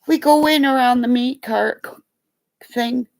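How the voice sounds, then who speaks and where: A middle-aged woman live streamer tells rambling, profane stories in casual chat, animatedly acting out the voices of the people in them. Her voice sits high and is slow and creaky, with background noise in the recording.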